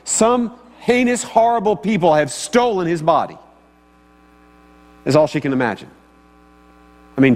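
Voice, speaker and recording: A man preaching a sermon in a conversational way, often asking his listeners questions. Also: a little high. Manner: conversational, asks the audience questions. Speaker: pastor. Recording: long hall reverb, faint mains hum.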